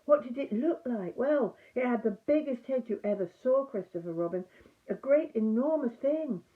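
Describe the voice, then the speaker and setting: A woman's voice: sing-song, measured pace. An older woman voicing a small, timid male piglet who stammers anxiously. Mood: flustered. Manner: squeaky, stammering, fretful. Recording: tinny phone-like sound.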